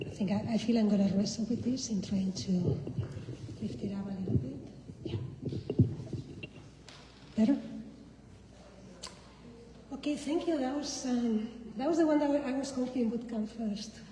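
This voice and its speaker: A woman poet with a Spanish accent giving a slow, deliberate live poetry reading to an audience, her lines often trailing off softly. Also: fairly high pitch, noisy background. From Spain. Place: indoor reading venue with an audience. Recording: echoey hall with long reverb.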